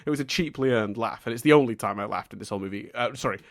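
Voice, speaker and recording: A man co-hosting a casual podcast, animated and laughing often as he acts out his exasperated reactions. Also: lowish voice, very fast, creaky, dry recording, studio quality. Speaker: podcast co-host.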